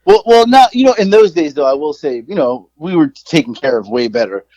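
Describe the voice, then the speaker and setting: A man in his forties tells a long, meandering story on a podcast, swearing freely and poking fun at himself. His voice sits a little high for a man, and the sound is close and dry with no room echo. He talks casually, with plenty of restarts and asides. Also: animated, a little fast, dark tone. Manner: rambling, profane, self-mocking. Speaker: podcast co-host.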